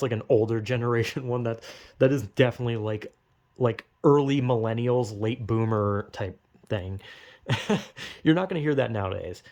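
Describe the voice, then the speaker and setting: A man's voice: medium pitch, a little mellow. A young man talking casually, rambling and swearing, acting out quotes in goofy voices. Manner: rambling, profane, acts out quotes in silly voices. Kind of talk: casual monologue.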